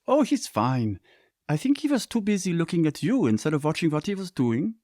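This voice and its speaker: A man's voice: fairly high pitch, very animated, fairly quick, darkish tone, dry recording, studio quality, voice pushed up. A wry middle-aged mother with a slightly raised, smirking voice, as a male narrator puts her on. She teases lightly in a storybook reading.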